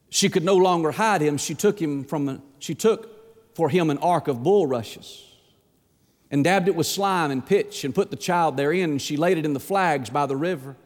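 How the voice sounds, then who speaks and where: A man preaching a sermon as pastor, impassioned and repeating words as he builds, then dropping to a hushed plea. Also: fairly high pitch, long reverb tail.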